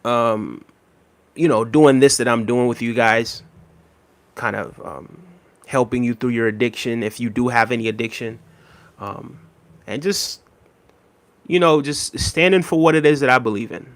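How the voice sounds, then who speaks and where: A young adult man streaming live, reading viewer chat with an easygoing manner, many ums and friendly shout-outs. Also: mid-range voice, a little slow, long pauses.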